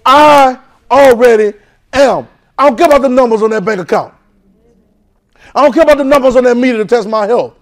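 A man preaching a sermon in call-and-response, swinging from loud urging to soft, hushed lines. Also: extremely high pitch, fast talker, long pauses. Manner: swings from loud exhortation to soft near-whispers.

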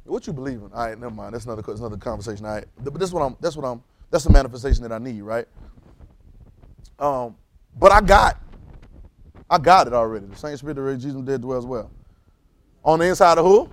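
A man preaching a sermon in an animated, repetitive way, calling on the congregation to repeat his words and rising into loud emphatic bursts. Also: mid-range voice, fast talker, pauses often. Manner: calls on congregation to repeat phrases.

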